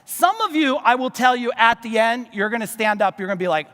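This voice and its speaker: A man from New Jersey giving a loud, fast, profane motivational business seminar to a live audience in a large hall. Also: very high voice, very animated. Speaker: business speaker. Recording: long reverb of a large hall.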